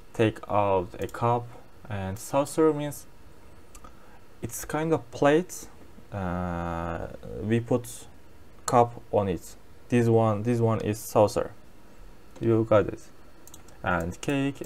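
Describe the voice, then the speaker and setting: Guy going over his study notes, slow and halting, lots of uhs. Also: fairly low pitch, a little mellow. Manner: halting non-native English with many fillers. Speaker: language learner sharing daily lessons. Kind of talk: casual explaining lesson.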